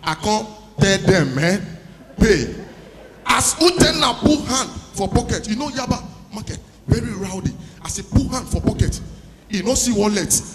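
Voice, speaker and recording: A male stand-up comedian with a Nigerian accent, telling a lively story in Pidgin with a sing-song delivery. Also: sits high, normal speed, slight background noise. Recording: live hall with long reverb and music.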